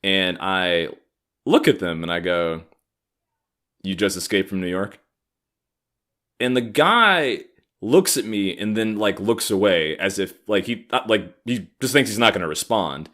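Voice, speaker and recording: A man's voice: on the low side, expressive, measured pace, pushed and bright. A man in his thirties hosting a comedy podcast, delivering an angry, profane, sarcastic rant. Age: 30s. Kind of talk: ranting comedic monologue.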